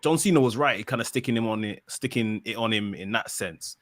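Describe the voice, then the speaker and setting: A man on a podcast, recapping events at length in a steady, explanatory way. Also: on the low side, fairly quick, dry recording. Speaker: podcast co-host. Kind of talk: casual podcast analysis.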